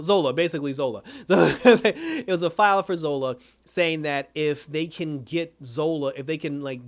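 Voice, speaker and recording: A young man talking through an episode recap in a loose, slangy way. His voice sits a bit high for a man, and he keeps jumping into short impressions of the characters. It sounds relaxed and off-the-cuff, like an unscripted review. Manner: animated, slangy, acts out characters' lines in quick impressions. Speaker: video reviewer. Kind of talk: casual recap commentary.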